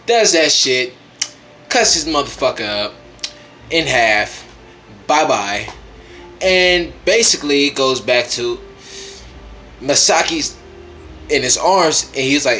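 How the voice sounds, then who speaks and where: A man's voice: medium pitch, expressive, takes it slowly, pauses often, pushed and bright, slight background noise. Loose, profane, slang-heavy man reviewing. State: high and tipsy. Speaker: manga reviewer. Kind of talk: casual profane review vlog.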